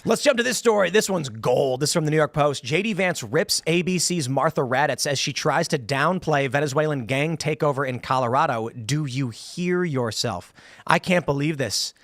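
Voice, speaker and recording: A man's voice: a little high, expressive, normal speed, fairly bright tone, no room sound, clean studio sound. A man hosting a political talk show, ranting with heated indignation. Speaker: podcast host.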